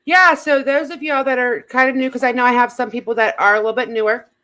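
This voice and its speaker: A woman's voice: fairly high pitch, steady tone, fast talker, sharp tone. A woman hosting a casual livestream, chatting loosely and swearing, with frequent restarts. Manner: swears freely, rambling with restarts and laughs. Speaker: YouTube drama commentary host.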